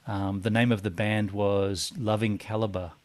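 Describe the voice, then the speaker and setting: A man's voice: fairly low pitch, level tone, normal speed, darkish tone. A man in his forties chats casually on a live stream. He reads viewers' comments aloud and wanders between topics, his speech full of little fillers and restarts. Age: 40s. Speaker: podcast co-host.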